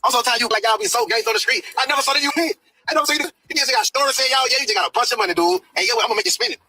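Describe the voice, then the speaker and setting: High, hyper-fast, bright ranting streamer man. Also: lively intonation, dry recording, low-quality recording. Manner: profane, rapid-fire ranting in street slang; swings his voice high for emphasis. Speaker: live streamer reacting to a rap video. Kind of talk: live-stream rant.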